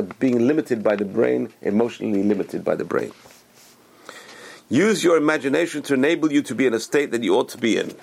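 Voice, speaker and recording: Fast, gravelly man giving an emphatic talk. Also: medium pitch, a little hiss or hum. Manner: emphatic, repeats phrases, frequent restarts. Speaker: religious speaker. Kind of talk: motivational religious talk.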